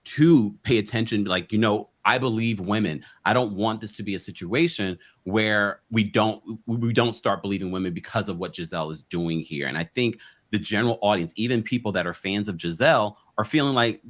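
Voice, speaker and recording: A man's voice: lowish voice, a little fast. A man hosting a casual online recap chat, jumping between topics and repeating words as he talks. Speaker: host.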